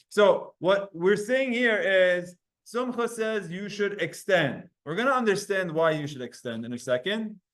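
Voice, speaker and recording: A man teaching a Talmud class to students, animated and explaining with spoken demonstrations of sounds. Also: sits high. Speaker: Torah teacher.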